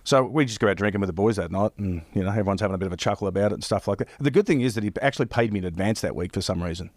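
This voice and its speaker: A man with a fairly low voice rattles off a long story at a fast clip, circling back and repeating his words as he goes. He acts out old phone calls in quick bursts. The sound is close and dry, with no room around it. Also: dry recording. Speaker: professional caddy telling stories. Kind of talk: casual storytelling chat.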